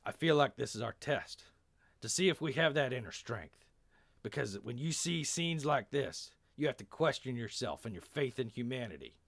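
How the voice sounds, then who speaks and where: A stoic, scarred army lieutenant with a put-on Texan drawl, as a storyteller voices him. He talks in calm, earnest sentences with an animated rise and fall. The sound is dry and close. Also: mid-range voice, normal speed, gravelly, no echo, voice pushed up.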